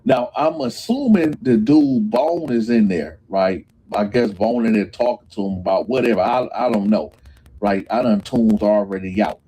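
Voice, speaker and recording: Husky, dark-voiced man telling a jail story. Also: on the low side, moderate pace, low-quality recording. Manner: acts out other people's voices, swearing, slangy. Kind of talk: animated storytelling with acted-out quotes.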